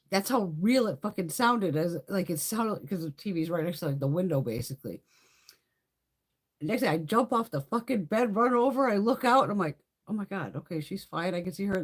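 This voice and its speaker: A woman's voice: on the low side, husky. A woman hosting a live beauty stream, chatting casually while trying on makeup, laughing often and swearing freely. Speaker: beauty livestream host. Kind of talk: casual chat during makeup try-on.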